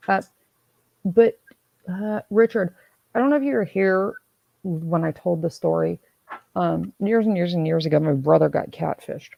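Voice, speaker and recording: A woman's voice: medium pitch, vocal fry, mellow, no echo, rough recording. A woman hosting a casual livestream, rambling and calling out viewers by name as she reads their comments. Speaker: streamer host reading chat.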